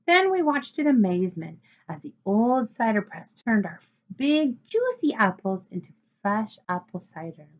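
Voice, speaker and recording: A woman reads a children's chapter book aloud, her voice lively and rising and falling freely. Her pitch sits a little high, and the recording has a dull, lo-fi sound. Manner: expressive, animated reading. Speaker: storybook reader.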